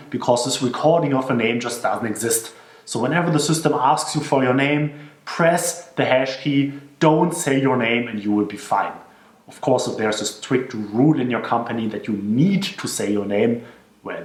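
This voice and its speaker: Speaking earnestly to camera, a male presenter gives workplace tips on conference call etiquette, slowing down each time he repeats a key point. His voice is mid-pitched, and the room adds noticeable echo.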